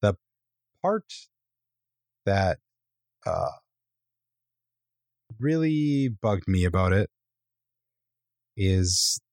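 Man, very low voice, dry close sound, rambling, opinionated, casual podcast chat. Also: animated, very slow, pauses often, darkish tone, no room sound. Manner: rambling, filler-heavy, opinionated. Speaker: podcast co-host.

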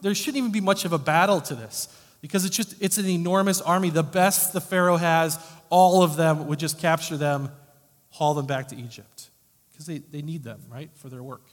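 A man preaching a sermon in a conversational, wry way, swinging between loud emphasis and quiet asides. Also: a little high. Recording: long hall reverb.

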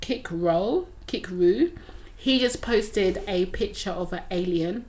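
Woman, podcast co-host, casual chat, laughs a lot, mid pitch. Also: slow pace, darkish tone. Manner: chatty, laughs often, reads listener comments aloud.

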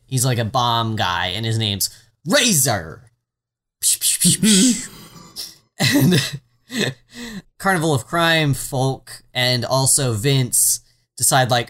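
Taking it slowly, the co-host speaks in a sing-song medium pitch with a fairly bright tone. The TV recap rambles along, self-interrupting and peppered with "like" and "um," carrying a sarcastic, wry edge and a swear word here and there.

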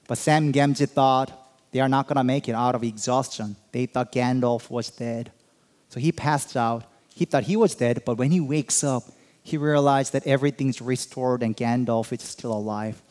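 A male pastor delivering a sermon with a voice that sits at an ordinary middle pitch. He leans into his points, climbing in pitch and volume for emphasis and pulling back into quiet for tender lines. He acts out the quoted voices as he speaks. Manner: preaching with swelling emphasis, dramatic pauses, quoted voices.

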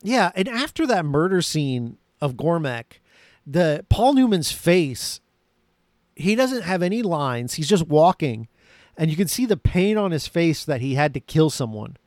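A high-pitched man talks through an old film with a co-host, his voice swinging up and down as he mocks the plot. The sound is close and dry, with no room around it. He is sarcastic and laughs easily. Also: measured pace, no room sound. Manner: animated, sarcastic, laughs often. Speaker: podcast co-host. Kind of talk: casual movie review chat.

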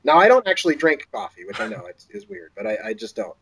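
Speaking fast with vocal fry and a slightly rough edge, this Boston-area man is an author guesting on an interview podcast. He tells a story casually and animatedly, lifting his voice higher whenever he acts out what other people said. The recording quality is low.

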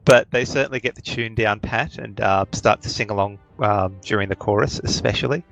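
A man's voice: fairly low pitch, a little fast, gravelly, fairly bright tone, soft background music, rough recording. A man narrating as game master of a tabletop game, hesitant, with many ums and uhs.

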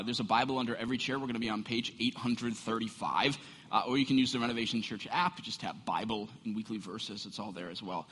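Middle-aged male pastor, sermon delivery, husky, long hall echo. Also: medium pitch. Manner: storytelling, animated, acts out voices with laughs. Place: church sanctuary.

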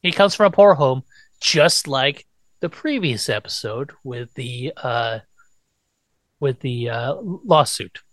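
A man's voice: medium pitch, animated, takes it slowly, a bit bright, no room sound. Swearing man recapping with a dry sound. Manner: swears freely, quotes characters in playful put-on lines. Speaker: podcast host. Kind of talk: casual chat, recapping an episode.

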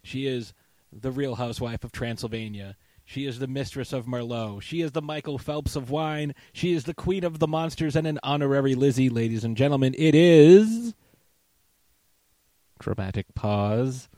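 A man's voice: medium pitch, fairly even intonation, a little fast, a little mellow, no room sound. A man hosting a casual podcast, teasing his co-host with jokey banter.

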